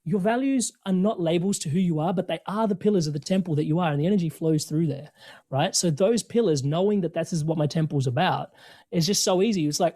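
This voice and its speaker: A man, talking as a podcast guest in an energetic, animated way, acting out quoted dialogue. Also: fairly high pitch, quick pace. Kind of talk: conversational coaching talk.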